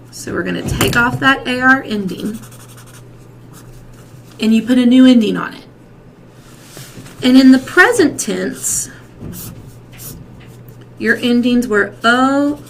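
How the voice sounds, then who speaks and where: Slow, patient woman teaching Spanish. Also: on the high side, a bit bright, rough recording. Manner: slow, patient, repeats and checks with "okay?". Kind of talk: classroom lesson. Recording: faint background noise.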